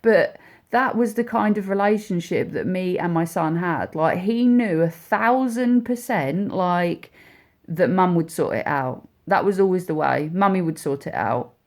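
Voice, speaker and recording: A woman speaking as a mother, telling a personal story in a heartfelt, halting way with many repeats and restarts. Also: lowish voice. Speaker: mother speaking about her son.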